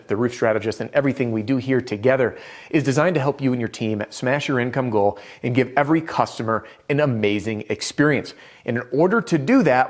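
A man giving a direct, upbeat sales coaching lesson to camera, with a self-deprecating touch. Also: mid-range voice. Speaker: sales trainer.

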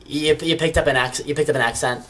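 A woman's voice: sits low, steady tone, natural voice. A woman playing an exasperated, stammering friend. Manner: halting, stammering, incredulous. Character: exasperated friend, skeptical and irritated. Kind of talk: comedy sketch acting.

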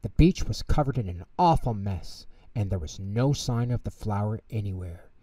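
Expressive male bedtime storyteller. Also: fairly low pitch, normal speed, dry recording, recorded from a distance. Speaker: storyteller host.

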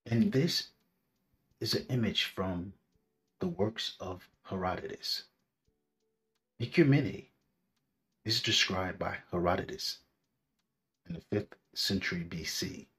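Slow, deep-voiced man narrating a history lecture. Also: a bit bright. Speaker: history presenter.

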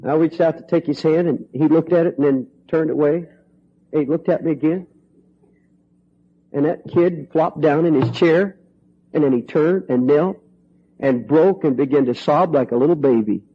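Impassioned preacher, high voice, lo-fi. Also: male voice, moderate pace, slightly rough. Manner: impassioned, swings from hushed to ringing. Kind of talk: storytelling sermon. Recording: dull lo-fi recording.

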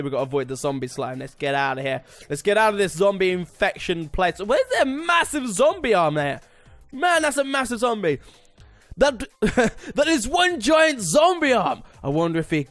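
Excitable high-voiced young man. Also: no echo. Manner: excitable, chatty, jokey, talks to the game and its maker. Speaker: gaming YouTuber. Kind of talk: casual gameplay commentary.

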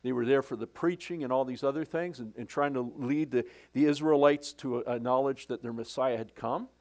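A man's voice: medium pitch, a little fast, darkish tone. A male pastor preaching a sermon in a church. He often stops and restarts, repeating words, and makes casual asides to the congregation. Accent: Canadian English. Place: church sanctuary.

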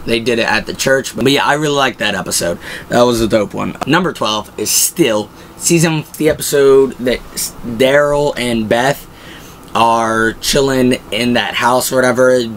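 A man's voice: mid-range voice, normal speed, fairly bright tone, a little hiss or hum, rough recording. Young man in rambling fan chat. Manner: rambling, filler-heavy and enthusiastic. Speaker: pop-culture show host. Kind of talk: casual fan commentary.

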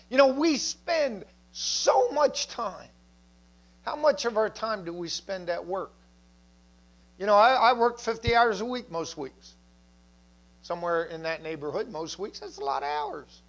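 A man's voice: high-pitched, animated, measured pace. A male pastor preaching a sermon in a church, conversational, with asides and jokes.

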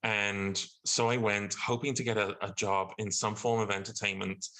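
A British man, a guest actor on a podcast, telling an animated story and acting out the exchanges he quotes. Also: on the low side, normal speed, low-quality recording. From Britain.

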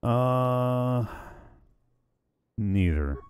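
A man hosting a let's-play, talking through a video game casually in a relaxed, wry manner and thinking aloud. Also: medium pitch, extremely slow, clean tone, no room sound, studio quality. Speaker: gaming let's-play host. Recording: voice over game audio with faint music.

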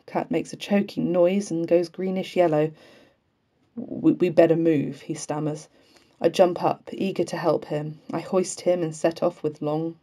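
A woman reads a novel aloud in a low, mellow voice. Her delivery is measured and fairly flat, and she leaves small slips in. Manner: measured, unhurried, with occasional slips left in. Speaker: audiobook reader. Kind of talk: audiobook reading of a novel.

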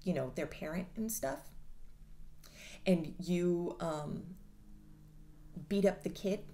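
A woman's voice: lowish voice, dark tone, slight background noise. A woman vlogger giving a casual monologue in a blunt, profane and sarcastic way. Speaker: mental health vlogger.

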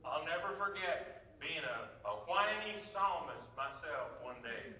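A middle-aged male pastor preaching a sermon, swinging between loud praise and soft, hushed moments. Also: on the high side, animated, measured pace. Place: church sanctuary. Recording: echoey church room, mic heard from a distance.

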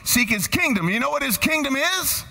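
A man preaching to his congregation, calling out questions and swinging from shouts to quiet, earnest tones. His voice sits high and bright with a husky edge. His pitch leaps around constantly. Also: normal speed, big-room sound. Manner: animated preaching, quizzing the congregation, shifting from shouts to hushed tones. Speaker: pastor. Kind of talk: sermon. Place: church sanctuary.

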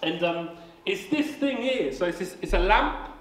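A man in his late twenties preaching a family service sermon in a church hall, energetic and jokey, often repeating words as he starts a sentence. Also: high voice, moderate pace. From England. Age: 20s. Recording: echoey hall, faint ambience.

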